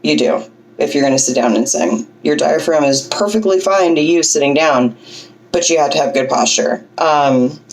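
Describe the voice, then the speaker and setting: A woman's voice: low voice, normal speed, rough recording. A woman giving a casual singing lesson, chatty and often checking in with "okay?" and "right?". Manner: chatty, checks in with 'okay?' and 'right?'. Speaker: amateur singing teacher.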